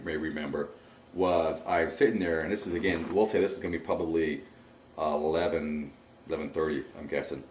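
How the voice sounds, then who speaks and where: A man recounting a camping trip in a rambling, excitable way, caught on a distant mic. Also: low-pitched, a little hiss or hum. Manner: rambling, excitable storyteller who acts out remembered shouts. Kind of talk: casual spoken recollection. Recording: roomy, distant home recording.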